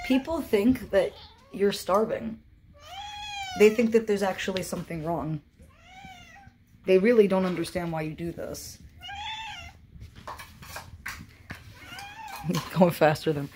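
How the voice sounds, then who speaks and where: A woman's voice: mid-range voice, very animated, takes it slowly, pauses often, a little mellow, slight background noise. A young woman filming her cats at home on a phone, chatting to them in playful sing-song baby talk. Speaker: cat owner filming her pets. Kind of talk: casual chat to pets on camera.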